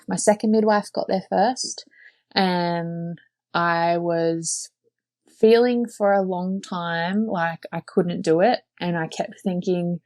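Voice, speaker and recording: Gravelly low-voiced woman storyteller. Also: no echo. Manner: chatty, frequent "like" fillers, earnest. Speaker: podcast guest sharing her birth story. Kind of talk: casual personal storytelling.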